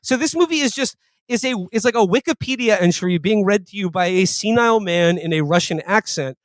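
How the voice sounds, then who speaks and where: A man's voice: high voice, lively intonation, fairly quick, dry recording. A man co-hosting a comedy podcast, riffing sarcastically in casual chat. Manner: riffing, sarcastic, slips into mock voices. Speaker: podcast host.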